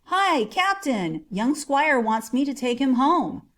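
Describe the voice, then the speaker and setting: A woman voicing a big, easygoing forest outlaw who speaks calmly and teasingly. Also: high voice, slow, pitched above the performer's own voice, heavily acted. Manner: calm, teasing.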